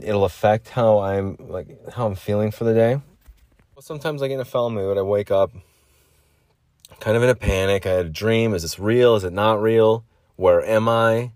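A man with a lowish voice rambles through a solo podcast, slipping in voices and sudden whispers as he tells his stories. The recording is close and dry, with no room sound. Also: darkish tone, no echo. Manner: rambling, acts out voices and whispers mid-story. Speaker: podcast host.

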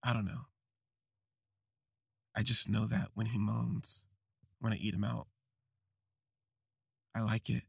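A young adult man hosting a podcast, telling a confessional first-person story in slow, halting, reflective phrases. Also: lowish voice, level tone, gravelly, husky, no echo, clean studio sound. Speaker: podcast host.

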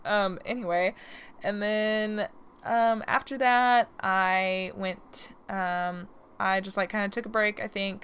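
A young woman hosts a podcast, her medium-pitched voice fairly bright, with a little background noise behind her. A retainer gives her a slight lisp, and she tells stories in a chatty, rambling way, laughing often.

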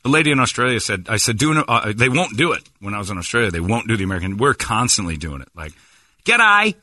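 Animated radio host man, bright dry voice. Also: lowish voice, rapid-fire, no room sound. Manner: animated storyteller, slips into mock accents. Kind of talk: casual morning radio banter.

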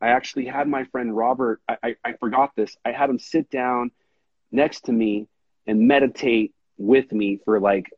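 A man hosting a podcast in casual chat, rambling and earnest, with a husky voice. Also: medium pitch, steady tone, moderate pace, dry recording, lo-fi sound. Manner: rambling, earnest, says dude a lot. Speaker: podcast host.

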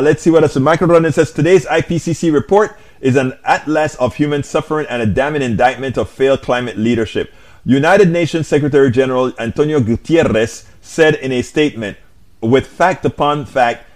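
A man's voice: medium pitch, a little mellow. A man hosting a live stream, reading viewer comments aloud and answering them in an argumentative way, with rhetorical questions and frequent restarts.

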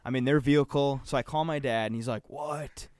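A young man tells a story in casual podcast chat, animated and full of swearing, and he acts out the voices of the people in it. His voice sits at an ordinary middle pitch. The sound is dry and close, with no room echo. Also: fast, clear, resonant tone. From Upper Peninsula of Michigan. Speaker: podcast co-host.

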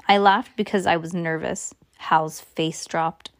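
A woman narrates a first-person story in a steady, earnest tone. Her voice sits on the low side. The recording is close and completely dry. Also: unhurried, few pauses, dry recording. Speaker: audiobook narrator.

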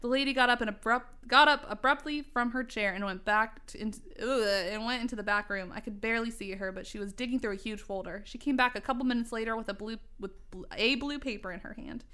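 Woman reading old fiction aloud for laughs, smooth and highish voice, jokey asides. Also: fast, hardly any pauses, sharp tone. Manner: laughing, self-mocking asides. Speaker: reader.

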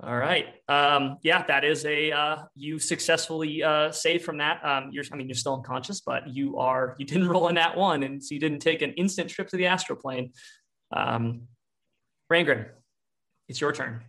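Bright-voiced man running a tabletop game. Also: on the high side, normal speed. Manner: rambling, many fillers and restarts. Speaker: game master.

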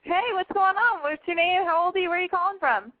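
A woman hosting a call-in show, blunt, profane and excitable in casual chat. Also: very high-pitched, fast talker, slight background noise. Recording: tinny phone-like sound.

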